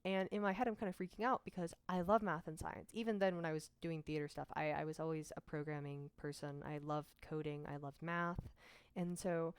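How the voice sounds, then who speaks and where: A young woman from Mississippi speaks straight to camera, telling her own story in a candid, frank manner. Her voice sits a little low for a woman and sounds dry and close, with no room echo. She keeps it conversational and throws in self-deprecating asides. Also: steady tone, brisk, clean tone. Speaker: vlogger.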